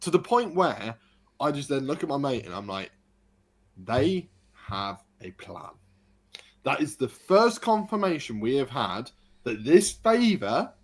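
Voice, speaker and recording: A man, a podcast co-host telling an excited story in casual chat. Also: mid-range voice, unhurried. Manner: excited storytelling, animated retelling.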